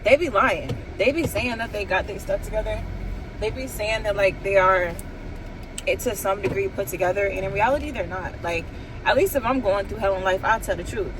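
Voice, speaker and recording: A woman's voice: mid-range voice, brisk, background noise. A young woman vlogging from her parked car, chatty, nervous and giggly as she talks to her viewers. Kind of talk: casual vlog chat.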